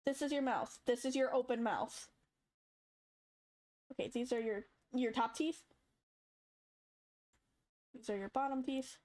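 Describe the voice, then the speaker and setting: A woman's voice: sits high, a little slow, long pauses, a little mellow. A young woman casually walking through a step-by-step tutorial, chatty and demonstrating sounds as she goes. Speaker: tutorial maker. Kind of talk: casual screen-recorded tutorial.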